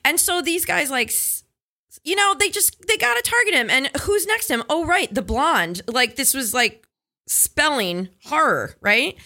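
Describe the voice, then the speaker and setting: A woman co-hosting a casual podcast, telling a story with animated flair and acting out the people in it. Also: high voice, unhurried. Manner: animated storyteller, acts out quotes. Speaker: podcast co-host.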